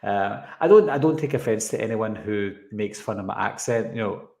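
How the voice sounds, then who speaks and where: A man with a fairly low voice hosts a casual live stream and talks loosely as he breaks down a trailer. He often drifts off topic and stops to answer viewers' comments. His voice rings with the echo of a roomy space. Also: lively intonation, moderate pace, a little mellow. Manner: rambling, goes off on tangents, reads and answers chat comments. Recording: roomy echoey room sound.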